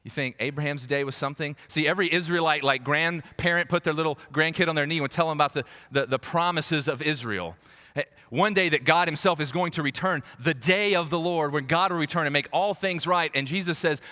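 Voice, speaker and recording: A man preaching a conversational, animated sermon as a pastor, acting out quoted voices. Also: on the high side, a little fast. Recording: long hall reverb.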